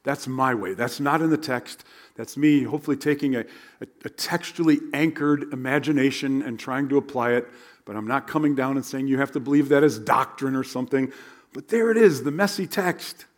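A man preaching a sermon as a pastor, animated and conversational, sometimes dropping to a hush. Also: mid-range voice, fairly quick.

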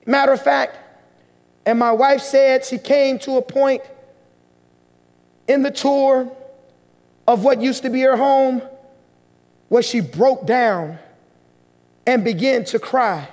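A man preaching a sermon, telling a story with emotion and slow, deliberate pauses. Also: very high-pitched, steady tone, darkish tone. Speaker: pastor. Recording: long hall reverb.

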